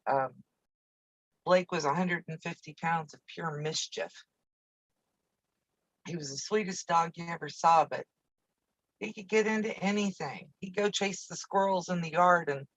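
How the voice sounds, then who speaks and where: A woman's voice: fairly low pitch, normal speed, fairly bright tone, no echo, low-quality recording. A woman hosting a casual live quilting stream from her home sewing room, chatting in a rambling way with easy asides while she works, picked up by a camera on a video-call setup. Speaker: quilting channel host.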